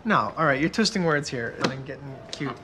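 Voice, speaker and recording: A man's voice: mid-range voice, lively intonation, a little fast, noisy background, natural voice. An actor playing a whiny, easily flustered young man in a TV comedy clip.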